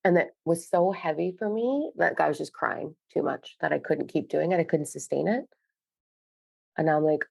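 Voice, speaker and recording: A woman who works as a spiritual channeler, delivering slow, pausing messages and then chatting casually with many "like" fillers. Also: deep voice, creaky, darkish tone, breathy edge, no echo. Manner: frequent filler "like" in chat.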